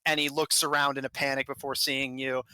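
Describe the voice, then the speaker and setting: A man's voice: medium pitch, little pitch movement, a little fast, pushed and bright, clear, resonant tone, no room sound, rough recording. A man narrating as game master in a tabletop game, laughing often and using many fillers.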